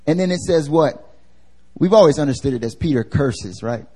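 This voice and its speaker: Brief: male preacher, somewhat high voice with a mellow tone, conversational sermon, quizzes the listeners. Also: normal speed. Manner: casual and slangy, asks the congregation questions. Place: church service.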